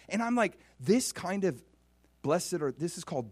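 A male pastor preaching with a lively, swooping delivery and a fairly high voice. He questions his audience and acts out scripture with rising feeling. The sound is dry and close. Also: normal speed, husky, no room sound. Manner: animated, acts out biblical speech with rising emotion; asks the audience questions and waits for answers. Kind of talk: sermon.

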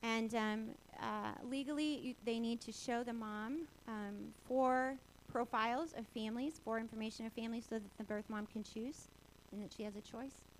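A woman in her forties telling a personal faith story, animated and laughing often as she acts out the voices of people she quotes. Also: on the high side, normal speed, slight background noise, poor audio. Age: 40s.

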